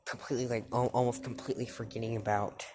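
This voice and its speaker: A woman's voice: extremely low pitch, flat delivery, quick pace, background noise. A woman telling a fan story in a casual, rambling way, full of fillers and restarts.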